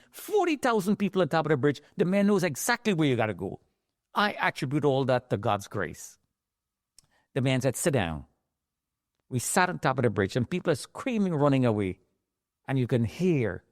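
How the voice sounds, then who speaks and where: Middle-aged male storyteller, very lively delivery that mimics others' voices, close-miked. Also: mid-range voice, no echo. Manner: animated, acts out the voices of the people in his story. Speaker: survivor telling his story. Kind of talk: emotional personal storytelling.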